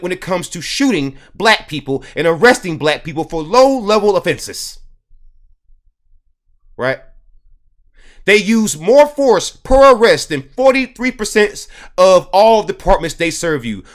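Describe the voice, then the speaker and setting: A man hosting a commentary video, talking emphatically and repeating words for stress. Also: high voice. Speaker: host.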